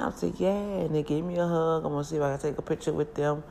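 A woman chatting casually to her viewers, telling family stories in an animated, talkative way with frequent laughs. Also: sits low, fast, vocal fry, hardly any pauses, slight background noise.

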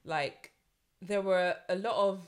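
A woman's voice: mid-range voice, fairly even intonation, slow. A woman co-hosting a podcast, chatting frankly with many fillers. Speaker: podcast co-host. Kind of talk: casual chat.

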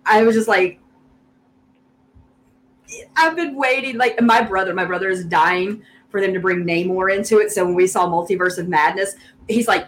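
A woman's voice: mid-range voice, moderate pace, long pauses, slight background noise, rough recording. A woman with a Southern US accent in casual podcast chat, talking eagerly and laughing often. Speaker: podcast co-host.

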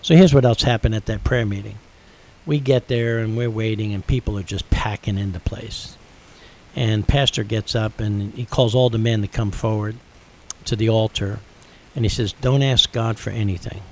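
A man's voice: fairly low pitch, fairly even intonation, moderate pace, a little mellow, a little hiss or hum, poor audio. A middle-aged man hosting a radio show, earnestly telling a personal faith story with building intensity.

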